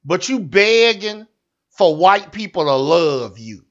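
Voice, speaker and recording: A man's voice: sits high, sing-song, takes it slowly, fairly bright tone, highs cut off. A man hosting a satirical news show, delivering a blunt, profane, repetitive comic rant.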